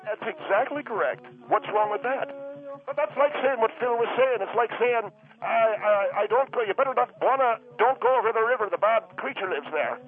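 A man's voice: very high voice, moderate pace, pitched above the performer's own voice. A man putting on an indignant caller with a raised voice, full of sarcasm and mock politeness. He scolds in huffy bursts. The audio is dull and muffled, with faint music under it. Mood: huffy sarcastic. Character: indignant, sarcastic middle-aged male caller.

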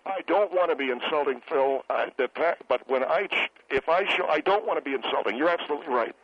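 A man's voice: on the high side, animated, fast, no echo. A man voicing a self-pitying, touchy wedding photographer calling in, defensive and stammering. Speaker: caller guest. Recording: muffled lo-fi phone line.

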